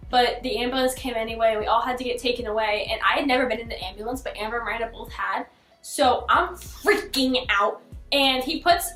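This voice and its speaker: A young woman vlogger telling a childhood story in a casual, animated way, laughing often and full of fillers. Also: on the high side. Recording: echoey room with faint music.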